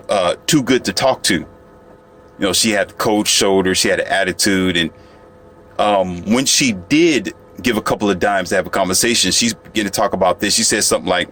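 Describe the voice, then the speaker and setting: A man's voice: on the low side, normal speed, a bit bright. A man telling a story to the camera in a casual, boastful monologue, often turning to the viewer. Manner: boastful, chatty, addresses viewer directly. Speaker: vlogger.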